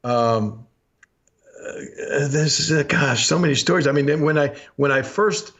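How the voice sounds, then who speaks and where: A man's voice: a little high, a little slow, a bit bright. An older man, hosting a podcast and telling rambling stories, laughing often and acting out old quotes. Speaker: podcast host. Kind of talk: storytelling chat. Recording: slightly dull lo-fi audio.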